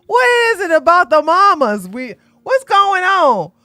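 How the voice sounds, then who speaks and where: Woman, blunt sassy commentary, very animated pitch, close dry sound. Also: unhurried, dry recording. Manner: blunt, sassy, loud rants with laughter. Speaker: commentary streamer. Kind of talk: reaction commentary on a clip.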